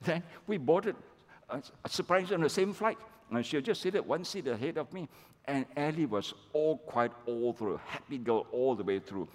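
A middle-aged man preaching a sermon, animated and chatty, peppering his telling with "okay" and "all right" to the congregation. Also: fairly high pitch, moderate pace. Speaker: pastor. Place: large church hall. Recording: long reverb of a church hall.

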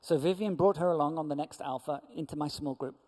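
A man's voice: a little high, quick pace. Storytelling man in a reverberant hall. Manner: lively storyteller who acts out quoted voices. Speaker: church speaker. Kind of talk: storytelling testimony talk.

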